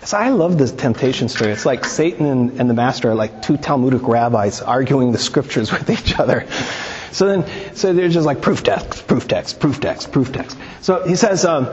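A man's voice: mid-range voice, expressive, moderate pace, a little mellow, a little hiss or hum. A man giving a conversational teaching on scripture and Talmud, retelling stories and asking rhetorical questions. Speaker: Bible teacher. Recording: long reverb, dull lo-fi sound.

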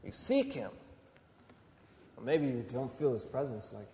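A man's voice: mid-range voice, wildly swooping pitch, unhurried, pauses often. Impassioned male preacher in a reverberant hall. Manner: impassioned, swinging between loud emphatic declarations and soft intimate appeals. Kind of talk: sermon. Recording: long reverb of a large hall.

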